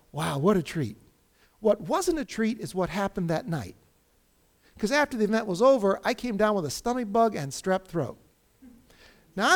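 A middle-aged man preaching a sermon as a pastor, telling stories with energy and acting out the people he quotes. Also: high voice. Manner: animated storytelling, acting out quoted voices.

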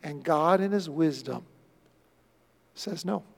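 A male pastor preaching a sermon, telling stories earnestly and swinging from loud bursts to quiet moments. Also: on the high side, takes it slowly, vocal fry, husky, in a large hall.

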